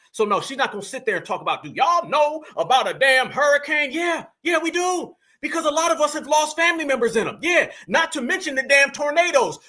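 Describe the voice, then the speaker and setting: A man's voice: very high voice, pushed and bright. A man hosting reaction commentary, talking animatedly, heckling and calling out to "y'all.". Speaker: commentary channel host.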